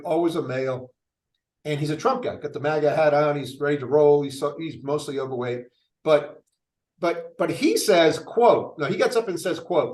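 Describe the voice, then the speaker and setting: An older man running for office, talking casually in an interview with a rambling, restart-filled manner. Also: a little high. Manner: animated, rambling, frequent restarts. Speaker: presidential candidate. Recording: echoey room.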